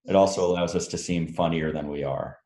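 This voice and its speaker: A man's voice: deep voice, steady tone, a little fast, dark tone, roomy sound. A man, an author, answering audience questions in a loose, rambling, self-deprecating way and laughing often. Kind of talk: casual Q&A talk. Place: room with a live audience.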